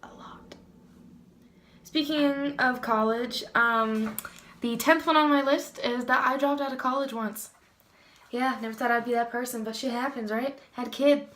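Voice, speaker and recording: A young woman in a casual confessional vlog, talking bluntly and swearing freely. Her voice sits a little high. The sound is roomy, with an echo around her. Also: fairly even intonation, normal speed, a bit bright. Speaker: vlogger.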